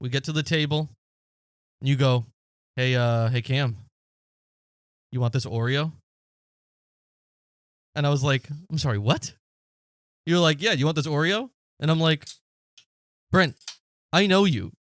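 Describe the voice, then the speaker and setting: Animated man telling a story. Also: a little high, measured pace, pauses often, dry recording, studio quality. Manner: animated storyteller acting out quotes, swears freely. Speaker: podcast co-host. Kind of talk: casual storytelling chat.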